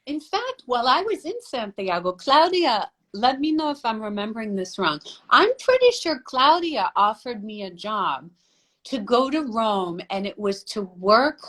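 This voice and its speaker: A woman who models and sings opera, telling animated stories and laughing on a live video call. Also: mid-range voice. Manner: animated storyteller, laughs often. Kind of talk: casual live chat.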